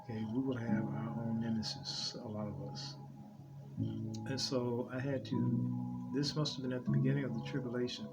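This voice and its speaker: A man's voice: mid-range voice, level tone, moderate pace. A man, talking loosely about his dream visions, repeating himself often and restarting his sentences. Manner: rambling, repeats himself, many restarts and fillers. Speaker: preacher sharing dream visions. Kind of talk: unscripted religious talk. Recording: dull lo-fi audio with loud music underneath.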